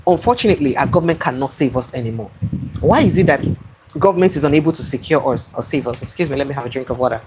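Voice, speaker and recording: A woman's voice: sits low, animated, fast, darkish tone, a little hiss or hum, rough recording. A Nigerian woman with a Nigerian accent and Pidgin, hosting a live online news show, reading headlines and commenting on them in exasperated asides.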